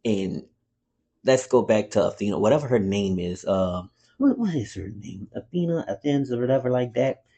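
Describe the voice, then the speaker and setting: A man giving a casual, rambling comic book review, excitable and swearing freely. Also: fairly low pitch, normal speed, creaky.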